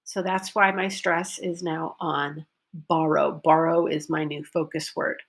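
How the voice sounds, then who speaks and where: A woman teaching a pronunciation lesson, modelling sentences and stressing focus words deliberately. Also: deep voice, level tone, creaky, fairly bright tone. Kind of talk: recorded online lesson.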